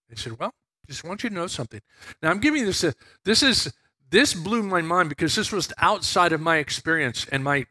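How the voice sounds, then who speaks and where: Guy preaching, bright forceful voice, a bit high, acts out the people in his story. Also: no room sound. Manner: lively, acts out quoted voices in his stories. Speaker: pastor. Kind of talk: sermon with personal storytelling.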